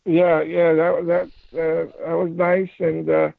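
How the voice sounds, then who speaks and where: A man telling a paranormal story in a casual phone interview, rambling and halting with many restarts. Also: on the high side, flat delivery, no echo. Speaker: paranormal investigator guest. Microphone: phone call. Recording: tinny phone line, fry.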